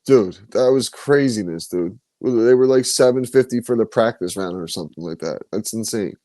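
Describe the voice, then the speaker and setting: A podcast host from New banters in a loose, slangy, excited way. His voice is fairly low and mellow, recorded dry and close to the mic. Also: normal speed, no echo. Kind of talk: casual interview chat. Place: podcast studio.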